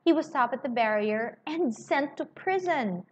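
A woman's voice: high-pitched, animated, measured pace, voice pushed up. A woman voicing a distraught young wife who pleads in broken, panting phrases. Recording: slightly muffled with faint hiss.

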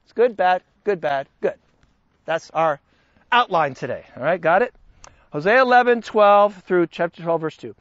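A man teaching a Bible study class in an animated, conversational way, joking with his listeners. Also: sits high, moderate pace, no room sound, highs cut off.

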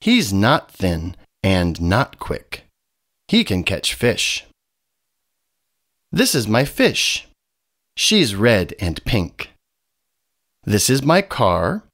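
A man voicing a cheerful young dolphin who introduces his family in a slow sing-song storybook reading. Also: lowish voice, wildly swooping pitch, fairly bright tone, heavily acted.

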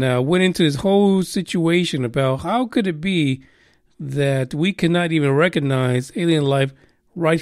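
Male podcast host, irreverent and profane, loose rambling delivery, slightly high pitch. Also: no echo, studio quality. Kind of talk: casual news chat.

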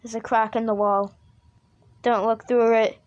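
High-pitched woman freaking out at a video, begs the screen, says things over and over, slow talker. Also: level tone, lo-fi sound. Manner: frightened, pleading with the screen, repeating herself. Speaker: reaction video host. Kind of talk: casual reaction commentary.

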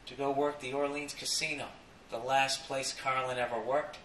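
A man hosting a podcast, telling a profane comic story with sudden loud outbursts. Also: medium pitch, normal speed, reverberant, far from the mic, slight background noise, low-quality recording. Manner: profane, animated, jumps into loud acted quotes. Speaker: podcast host. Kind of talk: comedic storytelling monologue.

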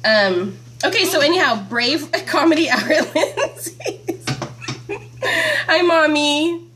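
Bubbly, lively homeschool mom streaming. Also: female voice, high voice, slow pace, slight background noise. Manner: chatty and bubbly, laughs often, reads out viewer comments. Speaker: host of a live homeschool stream. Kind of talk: casual live-stream chat. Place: at home, indoors. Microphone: phone.

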